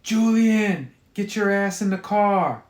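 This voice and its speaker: Guy doing a cussing bossy mom, shrill and loud, roomy echo. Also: measured pace, close to an everyday voice. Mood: yelling. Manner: yelling, cursing, bossy. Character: foul-mouthed impatient mother, adult woman.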